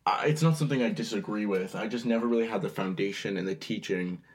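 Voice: medium pitch, fast. A co-host in their twenties from the United States, chatting on a podcast in a rambling, hesitant way with many fillers. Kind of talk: casual chat.

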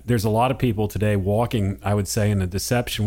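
Lower-voiced man reflecting as co-host. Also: steady tone, fast talker, darkish tone. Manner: reflective, teacherly, some joking. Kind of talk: casual conversation.

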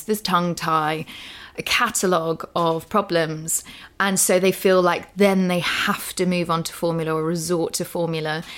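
A woman in casual podcast chat with a lowish voice. She talks earnestly and emphatically, piling up asides like "you know" and "literally". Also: fairly bright tone. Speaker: co-host and guest.

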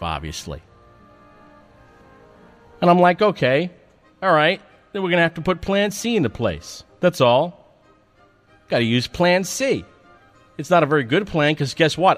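A man hosting a radio show, telling a story in a wry, self-mocking monologue, swearing freely and swinging between loud outbursts and quiet mutters. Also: medium pitch. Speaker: radio host.

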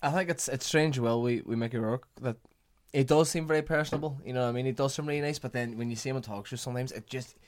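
A man's voice: medium pitch, fast, slight background noise. A young man giving opinions in casual chat, hedging with fillers. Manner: opinionated, hedging with "like" and "you know what I mean".

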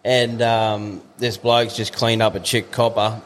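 Relaxed Australian man recounting a night out. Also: fairly low pitch, unhurried, slight background noise. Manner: relaxed, swears, laughs at his own story. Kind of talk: casual chat, telling a story.

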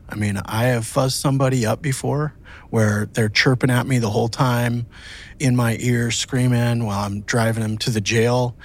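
A man who works as a police watch commander, telling blunt, swear-laden stories in casual chat. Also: medium pitch.

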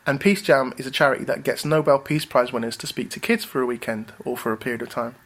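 Bouncy, animated male storyteller. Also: medium pitch, fast. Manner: animated, bouncy, acts out voices. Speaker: guest, rapper and writer. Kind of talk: casual interview storytelling.

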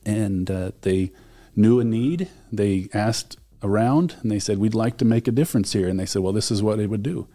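A man's voice: on the low side, normal speed, warm tone. A man talking as a studio guest, telling stories with enthusiasm and frequent fillers. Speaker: alumni relations director, guest. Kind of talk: casual studio conversation. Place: radio studio.

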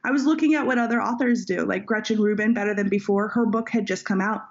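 A woman's voice: medium pitch, fast. A woman author telling a personal story in an interview, reflective and heartfelt. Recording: dull lo-fi audio.

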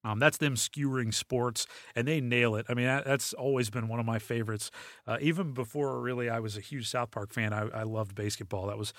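A man's voice: medium pitch, fairly quick, no room sound, studio quality. A man hosting a podcast, talking casually with many fillers and restarts. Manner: relaxed, rambling, frequent fillers and restarts. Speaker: podcast host. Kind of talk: casual solo podcast talk.

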